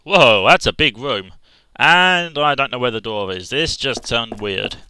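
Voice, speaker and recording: A man giving casual commentary over a horror game, chatting, thinking aloud and reading the game's prompts out loud. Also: mid-range voice, animated, measured pace, slight background noise, rough recording. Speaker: let's play gamer. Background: game music.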